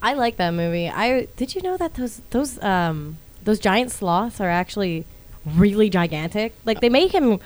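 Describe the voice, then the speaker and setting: A woman's voice: medium pitch, expressive, normal speed. Playful young woman hosting a chat. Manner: playful, teasing. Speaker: host. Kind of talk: casual chat.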